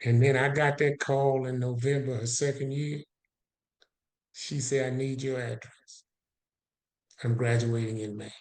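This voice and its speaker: A man's voice: mid-range voice, unhurried, pauses often. Man telling a story in a roomy space. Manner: animated storyteller who acts out both sides of a dialogue. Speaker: guest. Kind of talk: storytelling in a podcast interview.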